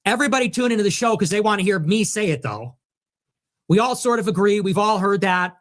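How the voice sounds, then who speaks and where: A man holds forth on a livestream in a sneering, sarcastic rant. His pitch swings widely from high mocking notes to low mutters. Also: expressive, fairly quick, a bit bright.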